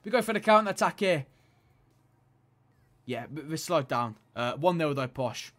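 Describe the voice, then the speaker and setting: Gaming creator, man, high-pitched, excitable play-by-play that jumps between mumbles and shouts. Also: moderate pace. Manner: excitable, swings from muttered pleading to loud shouting. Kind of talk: excited video game commentary.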